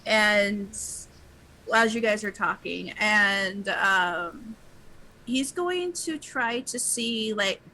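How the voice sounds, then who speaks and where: A woman's voice: medium pitch, very slow, bright, forceful tone, a little hiss or hum, poor audio. A woman playing a tabletop role-playing game, talking hesitantly with many fillers and restarts. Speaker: player. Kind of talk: tabletop role-play, in and out of character.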